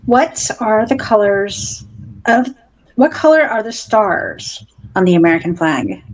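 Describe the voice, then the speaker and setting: Husky-voiced woman hosting a chat. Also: medium pitch, very animated, poor audio. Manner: quizzing, halting, filler-heavy. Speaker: podcast host. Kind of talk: casual chat on a live stream.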